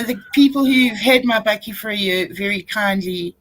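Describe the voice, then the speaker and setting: A woman's voice: mid-range voice, moderate pace, a bit bright, soft background music. A middle-aged woman with a South African accent, chatting casually and rambling through an everyday story, acting out what people said. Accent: South African English. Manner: rambling storyteller, acts out quotes. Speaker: co-host. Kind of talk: casual chat.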